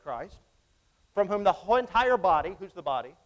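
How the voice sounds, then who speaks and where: A man's voice: sits high, big pitch swings, a little fast. A man preaching a sermon to his congregation in church, emphatic and repetitive, often asking them questions. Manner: emphatic, repeats phrases, asks the congregation questions.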